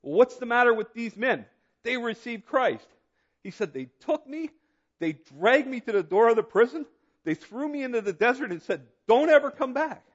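A male pastor preaching a sermon, telling a story with repeated emphatic phrases that drop low and quiet for drama. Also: big pitch swings, normal speed, highs cut off.

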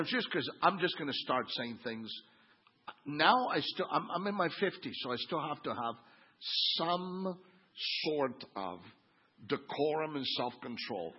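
Animated husky man preaching a sermon. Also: a little high, muffled recording. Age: 50s. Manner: animated, swings from quiet asides to loud exclaiming. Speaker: pastor.

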